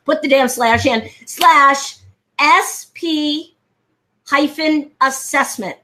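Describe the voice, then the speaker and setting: A woman speaking coach telling stories on a live video call over a headset mic, lively and animated, acting out the people she quotes. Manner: fast, lively storyteller, acts out quotes in a high voice. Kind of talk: animated live-stream chat.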